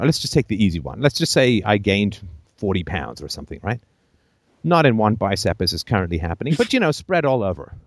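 A man's voice: lowish voice, no echo, clean studio sound. A man hosting a call-in show, giving blunt, emphatic advice full of profanity and jokey asides.

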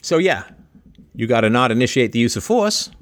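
Male livestream host, mid-pitched and lecturing, dry close sound, with emphatic repetition and sarcasm. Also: sing-song, fairly quick, dry recording. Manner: emphatic and lecturing, repeats his punchlines; sarcastic asides, big swings between loud and low. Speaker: livestream host answering listener questions. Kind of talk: opinionated call-in monologue.

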